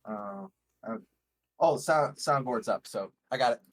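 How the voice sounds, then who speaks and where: A man's voice: medium pitch, lively intonation, a little slow, gravelly. A man playing in a tabletop game, chatting casually and getting flustered over his tech. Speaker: player. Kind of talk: casual chat.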